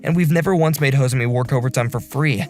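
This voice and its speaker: A man playing a calm section chief narrating an animated story, polite and apologetic. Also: medium pitch, fast, close to an everyday voice. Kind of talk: first-person story narration in a dubbed animation.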